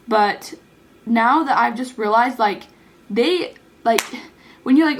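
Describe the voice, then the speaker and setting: A teenage girl talks straight to her viewers in a casual vlog, her voice a touch higher than most. She rambles earnestly and restarts her sentences often, leaning on "like" and "you know". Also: normal speed. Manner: rambling, earnest, heavy use of "like". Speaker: vlogger. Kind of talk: casual heartfelt advice vlog.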